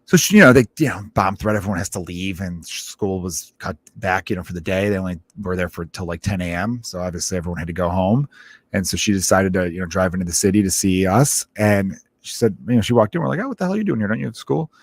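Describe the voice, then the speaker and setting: A man's voice: low-pitched, quick pace, breathy edge. A man in his thirties, a comedian hosting a podcast, telling a candid, profane personal story that mixes grief with jokes. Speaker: podcast host; stand-up comedian.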